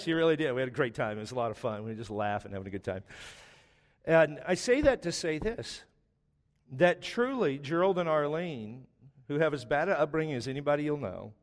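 A man in his forties preaching a sermon as pastor, telling stories with joking asides. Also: medium pitch. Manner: conversational storytelling with joking asides. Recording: long reverb of a large hall.

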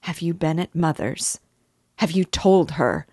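A woman's voice: low voice, slow pace, no echo, clean studio sound. A woman reading the lines of an anxious, loving young sister in a novel, pleading and anguished. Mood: horrified.

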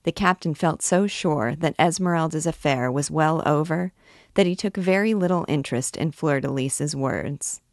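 Woman reading an old novel aloud, low voice, measured, dry close sound. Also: darkish tone, no room sound. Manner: measured storytelling. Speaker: narrator of a read-along.

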